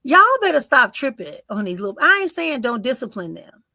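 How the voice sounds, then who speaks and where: A middle-aged woman, hosting a live stream and giving emotive spiritual readings that often drop into soft whispers. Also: fairly high pitch, big pitch swings, a little fast, gravelly, no echo, clean studio sound. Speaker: spiritual medium and podcast host. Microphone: close mic for live streaming.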